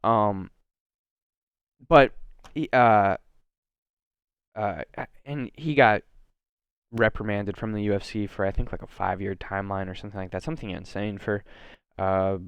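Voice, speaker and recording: A man's voice: on the low side, fairly even intonation, a little slow, long pauses, smooth, no room sound, muffled recording. A man from Oregon talking casually on his solo podcast, rambling with lots of fillers, restarts and self-corrections. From Oregon, USA. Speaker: podcast host.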